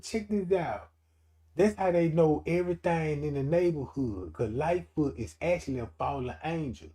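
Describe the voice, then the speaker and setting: A man doing a loud comedic livestream rant, animated and profane, laughing often and acting out quotes in different voices. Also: a little high, moderate pace. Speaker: streamer.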